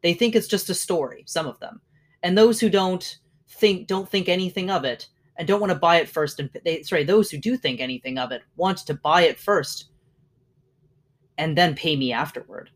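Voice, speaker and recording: A reader voicing a weary old male soldier who speaks slowly and solemnly. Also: medium pitch, a bit bright, lightly acted. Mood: grave. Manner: slow, solemn warnings.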